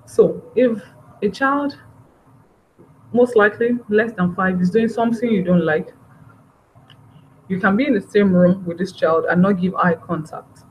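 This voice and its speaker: A woman's voice: medium pitch, a little slow, long pauses, a little mellow. A woman giving a parenting workshop, talking earnestly and repeating her phrases. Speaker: parenting trainer. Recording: dull, slightly noisy recording.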